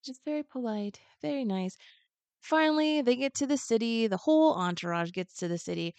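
A woman guest on a podcast, chatting casually and retelling a story in an animated, joking way. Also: mid-range voice, moderate pace, no room sound.

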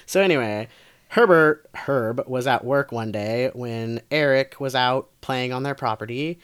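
A woman co-host narrates a true crime story in a relaxed, conversational way. She leans on fillers and laughs easily as she goes. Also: a bass voice, a little slow, clean tone. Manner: laid-back, laughs often, lots of fillers. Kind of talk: casual storytelling chat.

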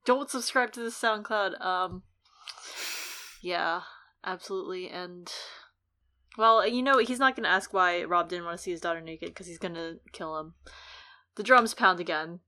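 A woman's voice: lowish voice, moderate pace, long pauses, pushed and bright. A woman on a book podcast retelling a scene and acting out the characters' lines. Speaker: podcast co-host. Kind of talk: casual book discussion.

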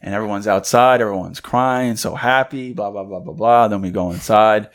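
A young man co-hosting a podcast, telling a story in a loose, animated way and acting out the voices of the people in it. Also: lowish voice, moderate pace. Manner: loose and conversational, many fillers. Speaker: podcast co-host. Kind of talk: casual storytelling chat.

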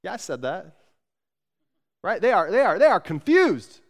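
A pastor preaching a sermon, energetic and conversational, repeating words and swinging between loud emphasis and soft, tender passages. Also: male voice, sits high, moderate pace, long pauses.

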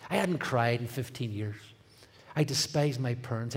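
Husky Northern Irish man telling his testimony. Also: medium pitch, moderate pace. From Northern Ireland. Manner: animated, comic, swings from hushed to loud. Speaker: guest speaker. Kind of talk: testimony storytelling.

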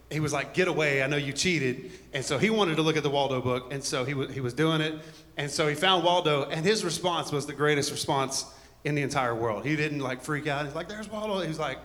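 Man, pastor, conversational sermon, joking asides, fairly high bright voice, long church reverb. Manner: joking, rambling asides, warm storytelling.

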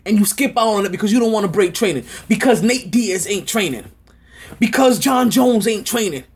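A man with a husky, somewhat breathy voice hosts a sports podcast. He rants in a rambling, emphatic way, repeating words and restarting his phrases as he presses his point. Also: high voice, lively intonation, fairly quick. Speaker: podcast host.

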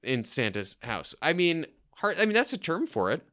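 A man's voice: on the high side, wildly swooping pitch, moderate pace, pushed and bright. A man co-hosting a podcast, chatting casually in a rambling, self-correcting way and laughing often. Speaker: podcast co-host. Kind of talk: casual chat.

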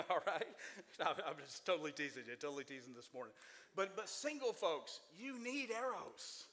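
High-voiced preacher guy in his 40s, jokey and folksy, big church echo. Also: moderate pace. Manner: folksy, joking, animated preaching. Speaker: pastor. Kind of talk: sermon. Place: church sanctuary with congregation.

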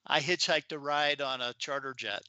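A man in his seventies, a podcast guest and author, telling animated stories in a chatty interview. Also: medium pitch, normal speed, dry recording, dull audio. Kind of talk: anecdotal storytelling in an interview.

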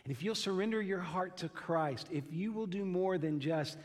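A man with a notably high speaking voice delivers a heartfelt sermon from the pulpit. He leans hard on key phrases and slows down to drive them home, often repeating a word as he goes. His voice rings out with the long reverb of a church sanctuary. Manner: earnest, emphatic preaching with slow stressed phrases and frequent repeated words. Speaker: pastor.

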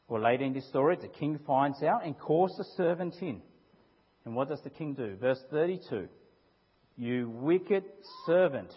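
A man with a slightly high, husky voice preaches a sermon, telling a story with lively swings of pitch and frequent rhetorical questions. The recording is dull and lo-fi, and his voice carries a long echo through a church hall. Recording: echoey hall, dull lo-fi sound.

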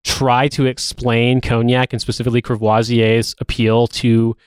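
A man's voice: medium pitch, level tone, normal speed, clear, resonant tone, dry recording, studio quality. A man on a podcast, talking in a sardonic casual way and swearing freely. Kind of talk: casual chat.

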